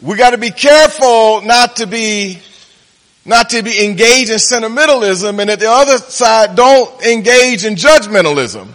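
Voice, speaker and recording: A man preaching a sermon as pastor, swinging between soft, slow reflection and loud, laughing punchlines. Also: high-pitched, expressive, long reverb tail.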